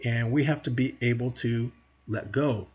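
A man with a husky, slightly breathy voice teaches parents in an earnest monologue. He talks straight to them and poses rhetorical questions. The recording sounds dull and lo-fi. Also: mid-range voice, steady tone, measured pace, darkish tone. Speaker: parenting educator.

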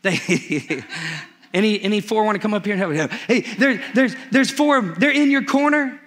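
A man's voice: sits high, normal speed, a bit bright. A male pastor preaching a sermon in church, telling a story with humor and acting out its characters.

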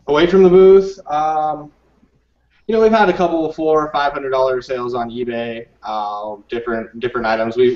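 A man's voice: medium pitch, lo-fi sound. Hesitant man, distant and roomy on a call. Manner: hesitant, many ums and uhs. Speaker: guest. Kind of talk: live-stream interview answers.

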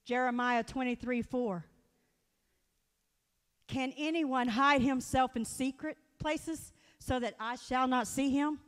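A woman preaching in a church, her voice pitched high and carrying a long echo through the sanctuary. She talks in a folksy, earnest way, telling personal stories and turning to the congregation with direct appeals. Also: steady tone, takes it slowly. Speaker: guest speaker at church. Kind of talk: sermon. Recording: long hall reverb.

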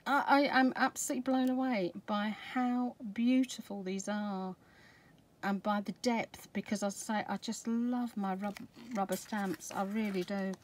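A woman's voice: mid-range voice, measured pace, rough recording. Gushing Scottish woman unboxing craft supplies. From Scotland. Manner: gushing, excitable, drops to soft whispers over items. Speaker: craft vlogger. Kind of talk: product unboxing chat. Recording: background noise with crinkling packaging.

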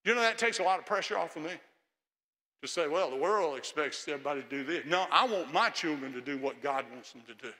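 Older male pastor, bright high voice, storytelling sermon with hushed pleading asides, long church echo. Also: animated, fast. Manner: storytelling, acting out prayers in hushed pleading tones. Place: large church sanctuary.

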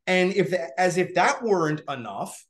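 A man teaching a Bible study in an animated way. He keeps checking in with his listeners and acts out what people would say. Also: high-pitched, a little slow. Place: online class, remote listeners.

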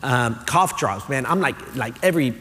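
A man pastor, preaching a sermon, who tells stories in a relaxed way and builds up to emphatic points. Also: medium pitch, normal speed. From Texas, USA. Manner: conversational storytelling, builds to emphatic. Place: church sanctuary. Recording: long church-hall reverb.

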